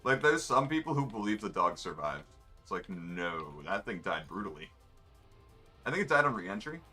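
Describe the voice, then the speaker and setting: A man's voice: fairly low pitch, very animated, normal speed, bright, forceful tone, soft background music. A man, rambling in wry, offhand asides while commenting on his racing game. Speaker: gamer streaming a race. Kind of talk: casual gameplay commentary.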